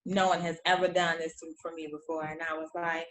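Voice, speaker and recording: A woman guest in casual chat, telling a lively story, acting out quotes and laughing often. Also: low voice, fairly quick, reverberant, a little hiss or hum, poor audio.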